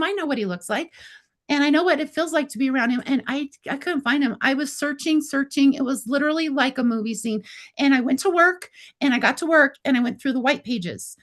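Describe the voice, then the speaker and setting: A woman's voice: high-pitched, fairly quick. A middle-aged woman telling a personal story in casual talk, acting out the dialogue with lots of "I was like.". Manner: animated, acts out quoted dialogue with lots of "I was like". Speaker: guest telling her story.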